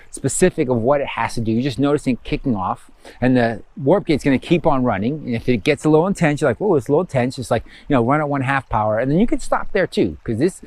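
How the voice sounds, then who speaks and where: A man's voice: mid-range voice, darkish tone, dry recording. Casual rambling male spiritual teacher. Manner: rambling, filler-heavy, slows for guided affirmations. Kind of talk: casual guided instruction.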